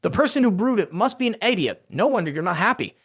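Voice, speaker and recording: A man voicing a cheerful, innocent young girl who chatters brightly, in a story recap. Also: high voice, sing-song, fast, breathy edge, full character voice.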